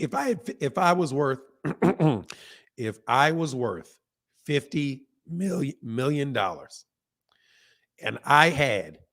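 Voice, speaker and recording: A man with a hoarse voice hosting a casual boxing livestream, talking straight to viewers, repeating points and reading out chat comments. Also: medium pitch. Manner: talks straight to viewers, repeats himself for emphasis. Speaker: boxing channel host.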